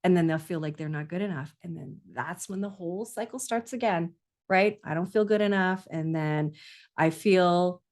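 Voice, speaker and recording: A woman's voice: lowish voice, moderate pace, a little mellow. A woman parenting coach talking straight to parents, earnest and confiding, often repeating a phrase for emphasis. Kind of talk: heartfelt solo talk to parents.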